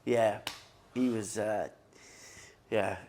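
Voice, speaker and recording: A man's voice: on the low side, steady tone, very slow, darkish tone, a little hiss or hum. Laid-back young man. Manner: laid-back, laughing, swearing. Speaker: podcast co-host. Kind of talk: casual chat.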